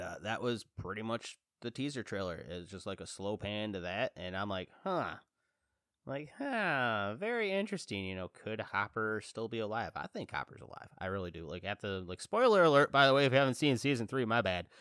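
A man in his thirties chatting on his own show, with a lowish voice and a slightly congested chest. He rambles, laughs at himself and leaps into animated reactions when he quotes himself. The sound is dry and close to the mic. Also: fairly quick, hardly any pauses, no room sound. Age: 30s. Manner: rambling, self-deprecating, lively quoted reactions. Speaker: podcast host. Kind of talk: casual chat.

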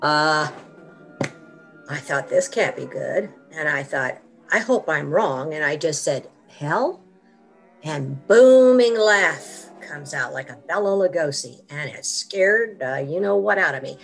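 A woman's voice: low voice, expressive, a little slow, creaky, faint music behind. A middle-aged woman telling her own story as an interview guest, with earnest, vivid storytelling.

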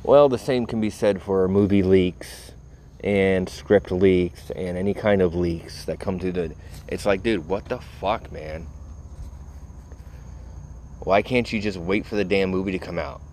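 A man's voice: low-pitched, unhurried, a little mellow, slight background noise. A tired man rambling casually to his audience, laid-back and full of profanity. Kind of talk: casual rambling talk to camera.

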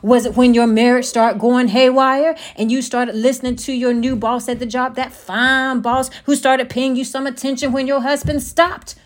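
A woman with a notably high voice preaches her podcast sermon with emphatic, preacherly conviction. She addresses her listeners warmly as beloved and presses her points home. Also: little pitch movement, moderate pace, few pauses.

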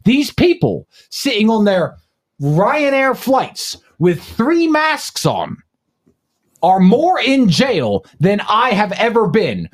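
Man with a fairly high, very lively pitch, talking with scorn and slow, heavy emphasis. He drags out key phrases and piles up contemptuous lists. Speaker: co-host. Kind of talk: live-stream talk.

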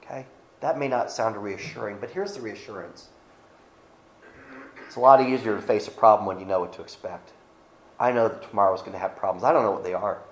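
Middle-aged male pastor, lowish voice, casual conversational sermon delivery, roomy church acoustics. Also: a little fast, pauses often. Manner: conversational preaching with restarts, reading scripture aloud.

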